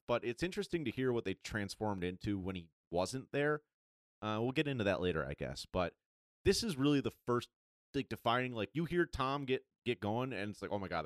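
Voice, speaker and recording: Lively mid-pitched man, emphatic podcast co-host. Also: clean tone, no room sound, studio quality. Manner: animated, emphatic agreement. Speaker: guest co-host. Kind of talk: casual chat.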